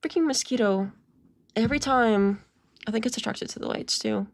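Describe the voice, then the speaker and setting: A woman's voice: fairly high pitch, normal speed, no room sound. A woman hosting a live reaction stream, giggly and sarcastic as she mocks what she watches. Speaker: host of a watch-along stream.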